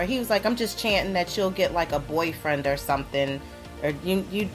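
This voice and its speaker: A woman's voice: fairly low pitch, normal speed, music in the background. A woman in her thirties hosting a podcast, telling stories in a casual, profane way and mocking the people she quotes. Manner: profane, animated storytelling with mocking quoted voices. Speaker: podcast host. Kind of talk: casual explicit monologue.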